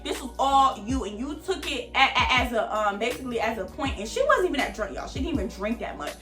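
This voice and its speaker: A young woman telling a personal story to her viewers in a casual, animated, profane way, often calling them y'all. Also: a little high, quick pace, soft background music. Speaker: vlogger. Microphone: camera mic. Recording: roomy echo, distant from mic.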